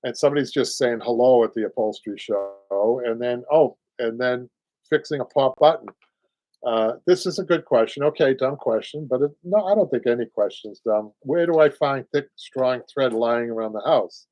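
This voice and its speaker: A man in his sixties with a Boston accent, hosting a live upholstery show. He talks in a chatty, halting way, restarts often and laughs a lot. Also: mid-range voice, mellow, no echo, low-quality recording. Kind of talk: live-stream talk and teaching.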